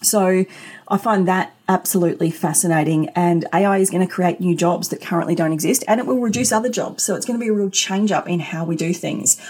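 A middle-aged woman talks through her points in an emphatic, chatty way. She often throws in rhetorical questions. Her voice sits a little low and has a husky, breathy edge. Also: a little fast, a little mellow. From Australia. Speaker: podcast host. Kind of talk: solo business podcast.

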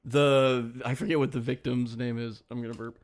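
A man's voice: mid-range voice, level tone, normal speed. A young man co-hosting a podcast, chatting casually in a rambling, jokey way with mock-posh asides. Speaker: podcast co-host. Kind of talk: casual comedic chat.

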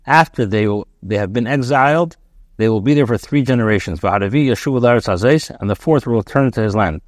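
A man teaching as a rabbi, reading a text phrase by phrase and translating it, pausing with ums and correcting himself. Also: mid-range voice, dry recording, clean studio sound. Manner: reads a phrase, then translates it, with frequent ums and self-corrections. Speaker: rabbi teaching a daily Torah class.

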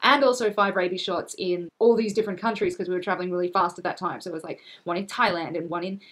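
A woman co-hosting a travel podcast in casual chat, lively and teasing. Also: fairly low pitch. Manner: lively, teasing, quick to laugh. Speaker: podcast co-host.

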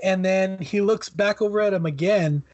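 A podcast co-host chats casually about a film, laughing often and asking about scenes. The voice sits at a middling pitch, and the sound is dry and close. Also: normal speed, darkish tone, no echo, lo-fi sound. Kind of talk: casual movie chat.

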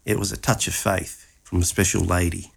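A man's voice: low voice, little pitch movement, normal speed, vocal fry, slightly rough. A man retelling a Gospel story conversationally, acting out its lines with animation.

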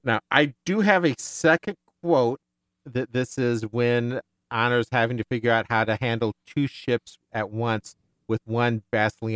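A man hosting a casual book discussion podcast, animated and tripping over his words. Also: mid-range voice, clear, resonant tone, no room sound. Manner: animated, stumbling restarts. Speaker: podcast host.

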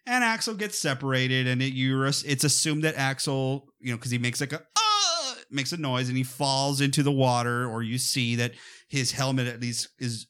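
A man co-hosting a casual podcast about a movie, talking in an animated way and often slipping into quick quoted voices. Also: medium pitch, clear, resonant tone. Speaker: podcast co-host.

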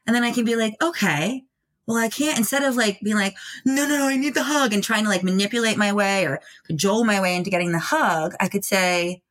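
A woman's voice: medium pitch, fairly quick, fairly bright tone. A woman co-hosting a podcast, talking casually, quoting herself and laughing easily. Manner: chatty, laughs easily, acts out quotes. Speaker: podcast co-host. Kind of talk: casual chat.

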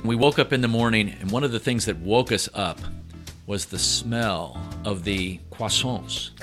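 A man's voice: medium pitch, fairly quick. A man co-hosting a podcast, telling stories and asking the host questions. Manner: warm storytelling, asks questions. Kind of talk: podcast conversation and scripted intro. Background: guitar music.

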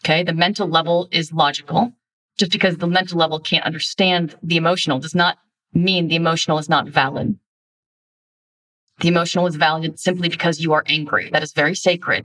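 Direct woman coaching, slightly low voice. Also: fairly bright tone, distant mic. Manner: direct, emphatic, blunt. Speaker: relationship coach. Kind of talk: instructional self-help talk.

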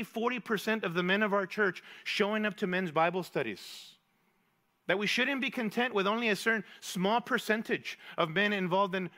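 A man's voice: high-pitched, sharp tone. A man pastor preaching a sermon to a men's Bible study, emphatic, repeating key words and putting questions to the room. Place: church meeting room.

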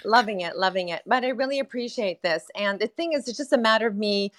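A woman talking in a casual panel discussion, earnest and a little halting. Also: medium pitch, expressive, dry recording, studio quality. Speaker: guest.

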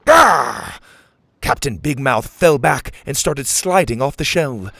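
A man narrating a children's adventure story in an animated way, voicing each character. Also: mid-range voice, measured pace, no echo, clean studio sound.

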